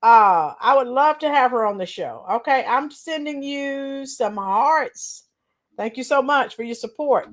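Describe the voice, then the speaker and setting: A woman hosting a casual political livestream, greeting viewers by name with frequent fillers and throat clearing. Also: high voice, animated, unhurried. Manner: clears her throat often. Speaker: political commentary channel host.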